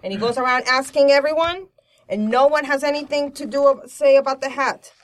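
A woman's voice: sits high, fairly quick. A woman from Puerto Rico giving a chatty, casual show-and-tell talk about children's books, with many fillers. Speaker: children's book presenter.

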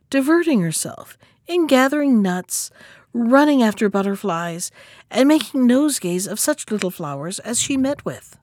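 Woman storyteller, scripted storybook narration, lively pitch, dry close voice. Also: no room sound. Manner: expressive, measured reading aloud.

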